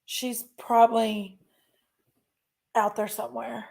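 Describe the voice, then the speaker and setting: A woman's voice: a little high, level tone, takes it slowly, creaky, a little mellow. A woman hosting a livestream, chatting in a rambling, folksy way and talking to her chat. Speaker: livestream host.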